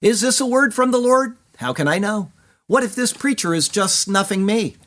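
A man's voice: sits high, expressive, normal speed, a bit bright, voice pushed up. A man voicing a doubting male churchgoer who pleads with questions as he looks for the truth. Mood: searching. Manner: questioning, pleading, then resolved.

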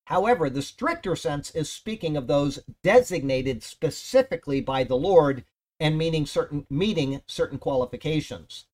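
A man's voice: fairly high pitch, expressive, moderate pace, darkish tone. A man teaching a Bible study verse by verse in an emphatic, conversational way, often checking in with "okay?".

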